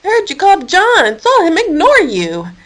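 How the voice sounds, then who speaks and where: A woman's voice: fairly low pitch, animated, takes it slowly, pushed and bright, slightly rough, pitched below the performer's own voice, full character voice. A woman voicing an indignant male kangaroo in a storybook.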